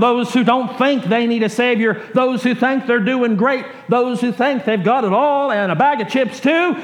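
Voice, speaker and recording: A man with a high voice preaches, telling a personal story as part of a sermon. He takes his time, repeats phrases for weight and lets line endings fall soft and quiet. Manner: slow repetitive storytelling, trailing off quietly at phrase ends. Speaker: pastor.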